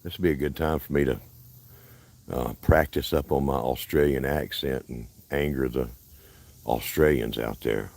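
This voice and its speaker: A man's voice: extremely low pitch, moderate pace, vocal fry, a little mellow. A man from Alabama with a Southern accent, hosting a casual, rambling livestream chat outdoors at a park in a folksy way. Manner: folksy, rambling, self-interrupting. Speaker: livestream host.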